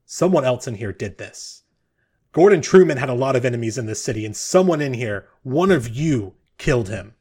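A man's voice: mid-range voice, animated, normal speed, a little mellow, husky. Man doing a blunt guard captain, stern and impatient.

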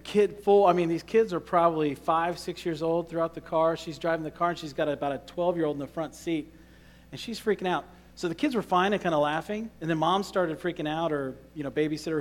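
A man leading a church service as pastor, preaching in an energetic, emphatic way. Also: a little high. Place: church sanctuary.

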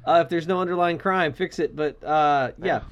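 A man with a high voice co-hosts a podcast in loose, casual chat. He swears freely and keeps a dry, sarcastic edge. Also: moderate pace, muffled recording. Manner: laid-back and profane, with dry sarcasm. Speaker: podcast co-host.

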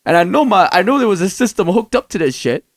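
A man's voice: sits high, very animated, quick pace, no echo, studio quality. A man telling a rowdy, profane story in casual chat, laughing often as he goes. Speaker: podcast co-host telling a story.

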